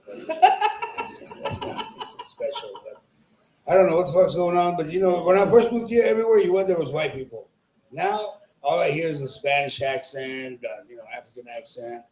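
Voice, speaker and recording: A man's voice: mid-range voice, a little mellow, slight background noise. A man doing crude, profane stand-up comedy, teasing the crowd and laughing at his own jokes. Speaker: stand-up comedian at an open mic. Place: small comedy club. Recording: echoey club room.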